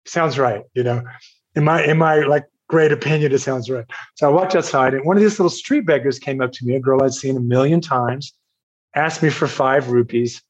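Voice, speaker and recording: A man from Virginia telling a personal story in a casual, halting way, with fillers and laughs. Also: mid-range voice, highs cut off. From Virginia, USA.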